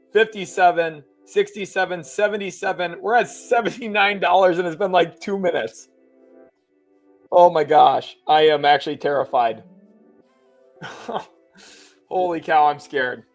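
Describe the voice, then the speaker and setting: Nervous, laughing young male streamer. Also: high voice. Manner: laughing nervously, reading out donations. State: nervous, excited. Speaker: livestream host. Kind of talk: casual livestream chat.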